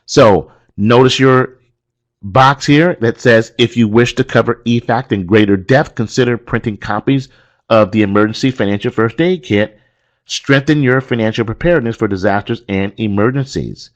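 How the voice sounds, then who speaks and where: A man's voice: medium pitch, moderate pace, muffled recording. A man training instructors, walking them through a course module in an emphatic, coaching manner that repeats key points. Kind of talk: instructional walkthrough.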